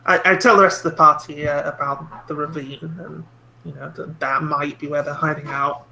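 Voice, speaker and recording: A man's voice: fairly high pitch, fairly even intonation, moderate pace, gravelly, sharp tone, slight background noise, low-quality recording. A man playing a tabletop game, talking casually in a playful way. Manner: playful, giggly. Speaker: player.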